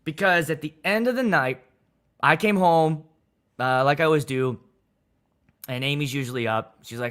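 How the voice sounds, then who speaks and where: A man's voice: on the high side, moderate pace, long pauses, fairly bright tone, clean tone. A man hosting a casual livestream, talking loosely and energetically, greeting viewers and swearing freely. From Pittsburgh area. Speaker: wedding DJ and livestream host.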